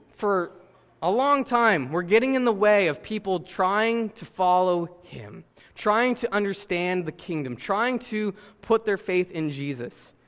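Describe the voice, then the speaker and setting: Male pastor, high voice, casual preaching, reverb from a large hall. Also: a bit bright. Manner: conversational preaching with casual fillers and rhetorical questions. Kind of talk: sermon.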